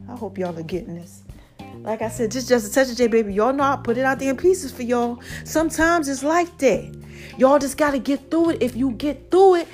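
High-voiced woman giving loving pep talks. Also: moderate pace, faint music behind.

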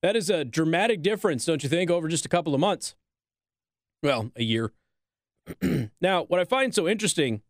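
Animated, high-pitched sarcastic male host. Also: dry recording, clean studio sound. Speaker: talk show host. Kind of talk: political commentary monologue.

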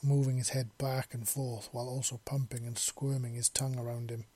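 Male narrator of a romance story with a dark, mellow, husky tone and an even delivery. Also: mid-range voice, fairly quick.

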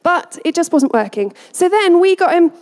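Woman, parent telling a story, animated, acts out quotes, high voice. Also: moderate pace. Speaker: parent giving a message. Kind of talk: personal storytelling talk.

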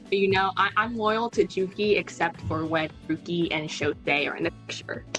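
Bright-toned woman, slow and shy, lively pitch, giggly podcast guest. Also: soft background music. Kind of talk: casual fan chat.

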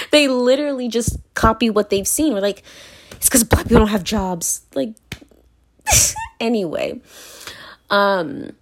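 A woman from Virginia talking straight to camera in a blunt, profane monologue, repeating phrases for emphasis and laughing between points. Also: lowish voice. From Virginia, United States. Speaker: vlogger.

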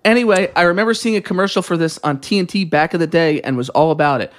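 A man co-hosting a podcast in casual chat, reading out a list in a jokey, animated way and swearing freely. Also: a little high, fast talker. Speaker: podcast co-host reading a listener email.

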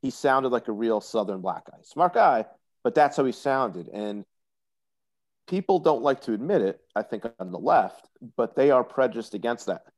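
A man's voice: medium pitch, lively intonation, normal speed, darkish tone. A man talking as a guest on a casual podcast, opinionated and explanatory. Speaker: guest commentator.

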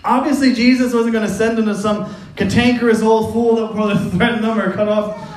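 Man, pastor, high voice, sermon, conversational, jokey, laughs a lot, roomy echo. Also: fairly even intonation. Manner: conversational and joking, acting out quick voices, laughing often.

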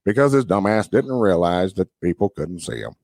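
A man's voice: low voice, animated, normal speed, vocal fry, a little mellow, no room sound. A young man, a podcast co-host, telling a long profane story in casual chat and acting out the people in it. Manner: profane, drawling anecdotes with acted-out quotes.

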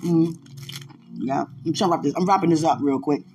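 A woman hosting a podcast, talking casually about faith and preaching in an animated way, laughing often and speaking straight to her listeners. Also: deep voice, normal speed. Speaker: podcast host, preacher and gospel rapper.

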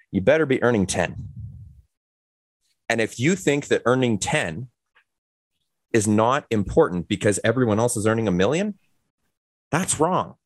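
A man's voice: mid-range voice, dry recording. A man co-hosting a casual podcast, making his points emphatically. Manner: opinionated, emphatic.

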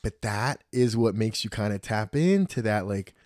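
A man in his thirties hosting a podcast, telling animated stories in casual chat and swearing freely. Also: on the low side, moderate pace, dry recording, clean studio sound. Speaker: podcast host.

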